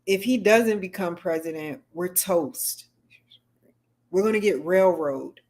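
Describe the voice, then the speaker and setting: This livestream host, a middle-aged woman, wanders from topic to topic in relaxed chatter and talks back to her chat's comments. She speaks slowly in a somewhat low, slightly mellow voice.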